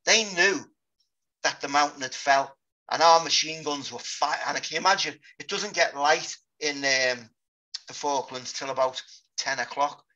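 Sober man recounting combat, bright-toned. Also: fairly high pitch. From Britain. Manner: sober, halting recollection. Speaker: guest, war veteran. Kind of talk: interview storytelling. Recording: dull lo-fi podcast audio.

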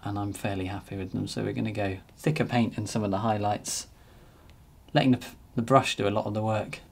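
A man narrating a painting demonstration as he works, relaxed and thinking aloud. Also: on the low side, fairly quick, gravelly. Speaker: painting teacher.

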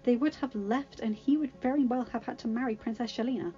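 A woman's voice: fairly high pitch, a little fast, warm tone, lo-fi sound, soft background music. A woman reading a fan-written story aloud, narrating plainly and sometimes correcting herself. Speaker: reader.

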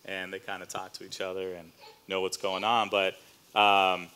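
Bright-voiced pastor telling a story. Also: male voice, deep voice, completely flat delivery, normal speed, smooth. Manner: conversational, with fillers and slang asides. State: choked up near the end. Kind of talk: casual storytelling sermon.

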